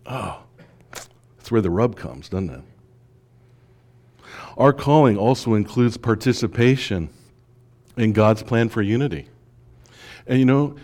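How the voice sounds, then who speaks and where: A male pastor preaching a sermon, asking the congregation rhetorical questions and swinging between hushed asides and emphatic lines. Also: medium pitch.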